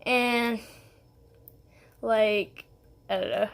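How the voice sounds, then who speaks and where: A woman's voice: a little high, fairly even intonation, drawn-out words, clean tone. Rambling young woman vlogging to camera. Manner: rambling, heavy on "like" and "um", giggly. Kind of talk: casual storytelling to camera.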